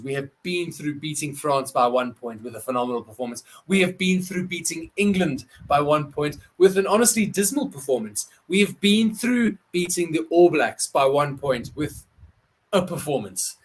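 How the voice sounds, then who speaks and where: A South African man hosting a live-stream rugby wrap-up, excitable and effusive, often repeating words as he talks. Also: fairly high pitch. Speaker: sports channel host.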